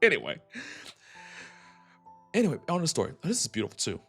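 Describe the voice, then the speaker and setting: A male streamer reading a game story aloud and breaking off into excited, giggly asides, with an accent that shifts as he talks. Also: fairly high pitch, fast, creaky, breathy edge, soft background music. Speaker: VTuber streamer.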